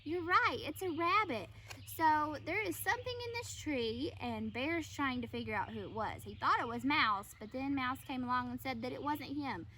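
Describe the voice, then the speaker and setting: A woman teacher reading a picture book aloud to children, pausing to ask encouraging questions. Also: sits high, expressive, pushed and bright, slight background noise. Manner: encouraging, asks questions of the listeners.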